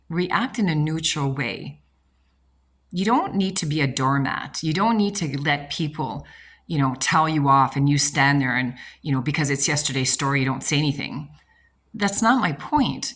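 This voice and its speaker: Deep-voiced woman coach, blunt and emphatic, fond of rhetorical questions. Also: fairly bright tone. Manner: emphatic, blunt, swears casually. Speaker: manifestation coach. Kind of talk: motivational talk to camera.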